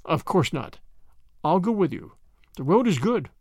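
A man voicing a courteous, secretive stranger who speaks calmly and politely, in a storybook reading. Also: on the high side, measured pace, dry recording, studio quality, heavily acted.

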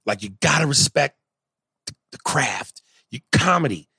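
A man in casual conversation, animated and profane, jumping into loud excited bursts. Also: medium pitch, measured pace, vocal fry, slightly rough, no room sound. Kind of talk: casual chat.

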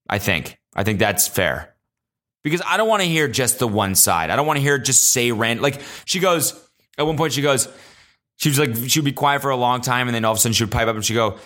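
Young male solo podcaster, low-pitched, casual and profane, jokes his way through stories. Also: a bit bright. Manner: rambling, profane, jokey storytelling; acts out quotes in exaggerated higher voices. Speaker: podcast host.

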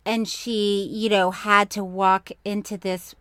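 Give me a woman co-host in casual conversation, an animated storyteller who breaks into loud laughs. Her voice is mid-pitched, and it sounds dry and close, with no room around it. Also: slow, smooth, no echo. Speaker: podcast co-host. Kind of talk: casual chat.

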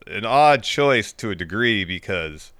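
A man's voice: lowish voice, lively intonation, a little slow, fairly bright tone, clean tone, no room sound. An American man co-hosting a podcast, talking casually about wrestling in a matter-of-fact way. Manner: matter-of-fact, short agreeing replies. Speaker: podcast co-host.

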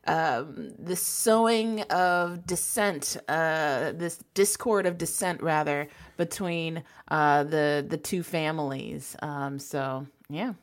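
A woman's voice: sits low, takes it slowly, few pauses. A woman in casual chat about a TV episode, loose and slangy, laughing often and using many fillers. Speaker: podcast co-host.

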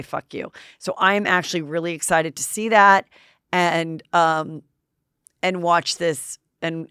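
A woman's voice: lowish voice, fairly bright tone, clear, resonant tone, no room sound, clean studio sound. A woman hosting a casual gossip recap, chatty and blunt, with lots of fillers and freely swearing. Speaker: host.

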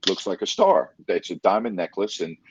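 A man's voice: deep voice, big pitch swings, moderate pace, muffled recording, a little hiss or hum. A man who works as a broadcast interviewer, telling stories in casual conversation, rambling and enthusiastic, with many restarts.

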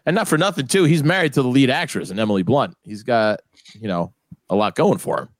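A man's voice: medium pitch, fast, no room sound. A man in casual podcast chat, telling stories and mimicking people he met. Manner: storytelling, does voices of people he met. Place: New York.

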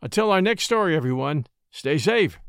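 Man reading an old adventure story, lively up-and-down voice, fairly high, dry close mic. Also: moderate pace. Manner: dramatic, animated reading. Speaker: audiobook narrator and podcast host. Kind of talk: expressive storytelling narration.

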